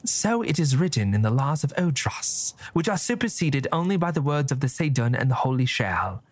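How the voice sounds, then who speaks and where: A man voicing a scheming, composed male church cardinal who speaks in measured, formal oratory. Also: mid-range voice, very animated, no room sound.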